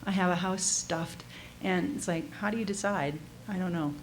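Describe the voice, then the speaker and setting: A woman's voice: fairly low pitch, normal speed, slight background noise, low-quality recording. A woman at a workshop, speaking in an uncertain, searching way. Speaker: workshop participant.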